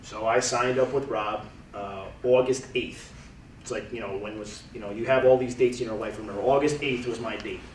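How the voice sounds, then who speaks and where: This is a casual testimonial to a group from a man in his 30s whose medium-pitched voice is a bit bright. He often repeats words and starts them over, and the distant, roomy recording carries faint noise.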